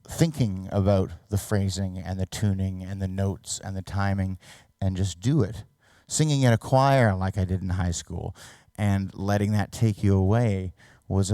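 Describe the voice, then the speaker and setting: A middle-aged man from Canada, a singer giving a reflective stage talk, now and then singing or shouting a line to demonstrate. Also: on the low side, dry recording, clean studio sound.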